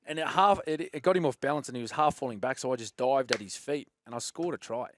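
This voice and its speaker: A man with an Australian accent telling old rugby league stories in a casual chat, lively and laughing often, calling his listener "mate". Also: mid-range voice, quick pace, noisy background. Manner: animated, laughs often, says "mate" a lot. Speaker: podcast guest, former rugby league player.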